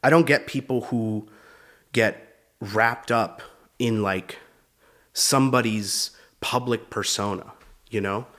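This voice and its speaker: A man's voice: on the low side, steady tone, takes it slowly, long pauses, a bit bright. A male comedian hosting his show, riffing in a loose, profane monologue that is full of "dude". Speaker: comedian host.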